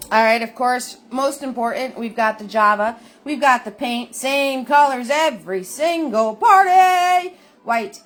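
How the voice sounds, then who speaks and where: A chatty, upbeat woman hosting a live online painting class who calls her viewers sweetheart. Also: on the high side. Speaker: paint party host.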